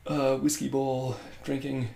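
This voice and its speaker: Man, solo podcast host, rambling, self-deprecating, home room, mid pitch. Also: monotone, measured pace, gravelly, mellow, slight background noise. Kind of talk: casual solo podcast chat.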